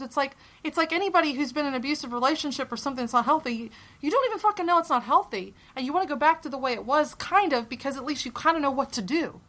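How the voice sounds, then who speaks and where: A woman co-hosting a podcast, speaking in a fairly high, very bright voice. She rants in a heated way, swears freely and states her opinions strongly. Her pitch swings upward whenever she stresses a point. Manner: heated, profane, opinionated ranting. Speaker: podcast co-host. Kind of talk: casual podcast discussion.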